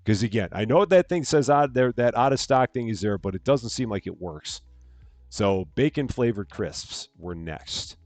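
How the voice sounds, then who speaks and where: A man casually chatting on a live game stream, reading chat aloud and greeting viewers while projecting a bit louder than normal from his room. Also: mid-range voice, lively intonation, normal speed, no room sound. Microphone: headphones on, desk mic.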